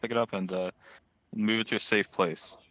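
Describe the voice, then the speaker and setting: A man's voice: lowish voice, steady tone, normal speed, fairly bright tone. A man playing a tabletop game, casual and unsure, repeating himself. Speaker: player.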